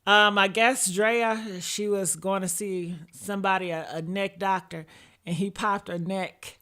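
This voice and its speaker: A woman's voice: medium pitch, steady tone, unhurried, a bit bright. A woman hosting a casual gossip commentary show, loose and blunt, often laughing at herself.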